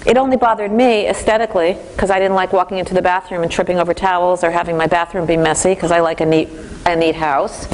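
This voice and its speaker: Lively woman teaching a parenting class. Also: fairly low pitch, quick pace, low-quality recording. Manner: lively storytelling, acts out voices. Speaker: parenting trainer. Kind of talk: training lecture to a class.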